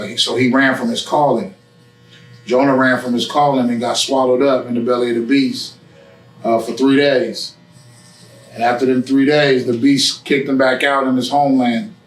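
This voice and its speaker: A man as an interview guest in a barbershop, telling a casual story in a rambling, repetitive way with profanity and frequent "you know what I'm saying.". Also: medium pitch. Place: barbershop, indoors. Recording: echoey room, mic at a distance.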